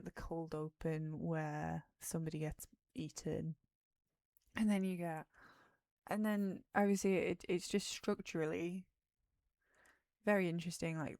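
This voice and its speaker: A woman's voice: lowish voice, vocal fry, a little mellow, no room sound, clean studio sound. A tired woman streamer, rambling in casual chat about a film and sometimes dropping to a whisper. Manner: rambling, drifts off topic, drops to a whisper at times. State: tired, yawning. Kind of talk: casual movie chat on a livestream.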